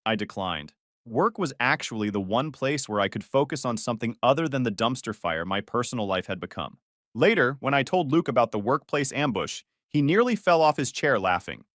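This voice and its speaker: A man's voice: medium pitch, lively intonation, fairly quick, a bit bright, no room sound. A man narrating a first-person story in a dry, sarcastic manner.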